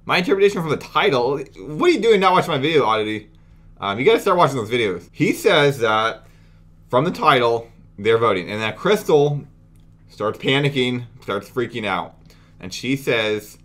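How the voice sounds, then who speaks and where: A man's voice: medium pitch, big pitch swings, moderate pace, a bit bright. A young man talking casually in a commentary video, brash, mocking and indignant as he addresses viewers. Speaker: youtube commentator.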